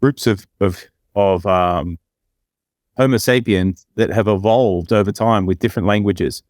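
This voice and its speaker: A man's voice: fairly low pitch, measured pace, darkish tone, no room sound, clean studio sound. A man with an Australian accent, chatting casually as a podcast co-host in a laid-back, musing way.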